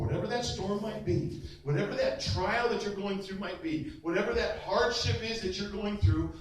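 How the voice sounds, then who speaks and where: A man preaching with fervor, his fairly high voice carrying through a very echoey church hall. He sounds set back from the microphone, so the room rings around each line. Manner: dramatic preaching with acted quotes, rising to shouts. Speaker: pastor. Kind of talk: sermon. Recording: very echoey, distant from the mic.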